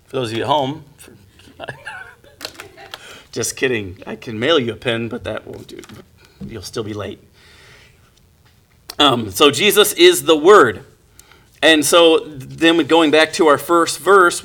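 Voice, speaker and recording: A man's voice: medium pitch, bright, forceful tone. Guy teaching a bible class, reads the verses then chats thru them, jokey asides, regular mid-range voice. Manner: conversational, joking asides to class, restarts. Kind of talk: Bible lesson with reading and explanation.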